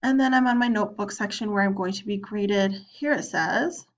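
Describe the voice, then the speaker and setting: A woman's voice: medium pitch, moderate pace, highs cut off. A woman teacher walking students through an online lesson, talking casually as she clicks through it and voicing their questions. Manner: chatty, plays both student and teacher. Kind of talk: screen-recorded lesson walkthrough.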